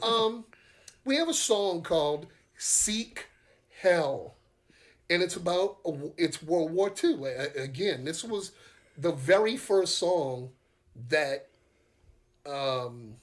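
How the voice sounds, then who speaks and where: A middle-aged man with a Southern US accent, his voice sitting a little high for a man. He chats casually as a podcast guest, telling long wandering stories, swearing freely and laughing easily. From Louisiana, US. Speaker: metal band singer and guitarist, podcast guest. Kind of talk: casual chat.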